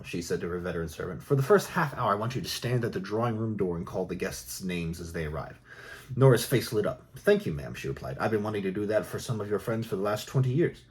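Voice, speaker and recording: A man reading jokes aloud in a soft, unhurried ASMR style. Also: fairly low pitch. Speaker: joke reader.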